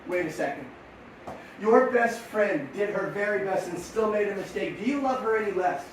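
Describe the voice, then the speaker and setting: A middle-aged man giving a motivational talk to young riders, energetic and full of rhetorical questions. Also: high-pitched, normal speed, slight background noise. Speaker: sports mental coach. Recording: echoey room, mic at a distance.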